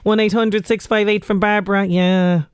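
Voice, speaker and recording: A woman's voice: medium pitch, moderate pace, smooth, no room sound, clean studio sound. Chatty Irish woman radio host. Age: late 30s. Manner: chatty, animated, acts out voices. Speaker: radio presenter. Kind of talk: casual radio chat.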